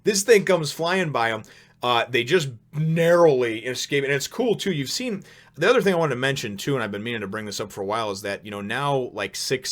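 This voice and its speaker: A man hosting a casual spoken review, chatty and rambling, who laughs often and gets excitable. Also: on the low side. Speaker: manga chapter reviewer, show host.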